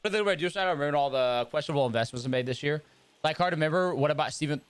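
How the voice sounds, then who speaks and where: A man's voice: on the high side, rapid-fire, smooth. A man live-streaming a baseball video game, chatting casually and joking around with silly voice impressions. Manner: jokey, tries silly voice impressions, repeats lines. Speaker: gaming streamer. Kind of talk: casual live-stream chat while playing.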